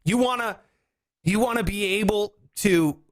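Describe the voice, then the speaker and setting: A man hosting a podcast, riffing in casual comic chat, rambling and breaking into shouts for bits. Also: high-pitched, a little slow. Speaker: podcast host.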